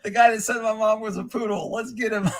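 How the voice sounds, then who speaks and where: A middle-aged man hosting a casual livestream, talking loosely and irreverently and chuckling often. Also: high-pitched. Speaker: livestream host.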